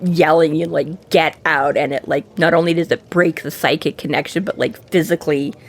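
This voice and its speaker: A woman co-hosts a casual book-discussion podcast. She rambles through her points with lots of fillers and little acted-out quotes. Her voice sits a bit low. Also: steady tone, fairly quick, creaky. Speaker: podcast co-host.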